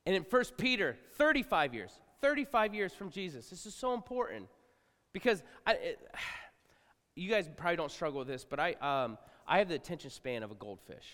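A middle-aged male pastor preaching to a congregation, talking casually and swinging from quiet asides to loud outbursts. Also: high-pitched, very animated, moderate pace. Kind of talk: sermon. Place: large church hall. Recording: live sermon with long hall reverb.

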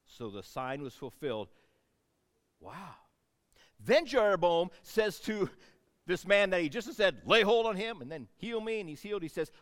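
A man's voice: sits high, a bit bright, long reverb tail. A man preaching a sermon, retelling a scripture story in a conversational, folksy way with playful asides.

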